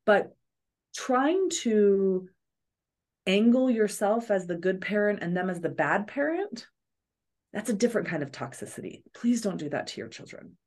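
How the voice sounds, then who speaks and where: A woman's voice: mid-range voice, lively intonation, moderate pace, darkish tone. A woman therapist, a podcast guest, giving earnest advice in a coaching manner. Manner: earnest, coaching, acts out examples.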